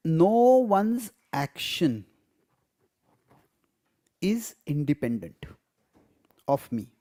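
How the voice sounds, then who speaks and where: A man's voice: on the high side, very animated, drawn-out words, dark tone. A man teaching a live class on scripture, explaining step by step, stressing key words and laughing often. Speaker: spiritual teacher.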